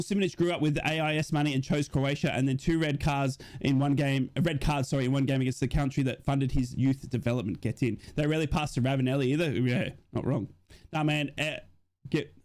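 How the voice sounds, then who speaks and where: A young man hosting a live football watch-along, giving excitable, rambling fan commentary, swearing and answering chat comments. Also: a little high.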